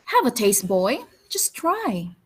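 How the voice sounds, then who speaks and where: A jolly storybook king, hearty and coaxing, urging everyone to try one more dish, as a woman reading aloud puts him on. The delivery is slow and swings widely in pitch, sitting a bit high. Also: wildly swooping pitch, breathy edge, exaggerated voice.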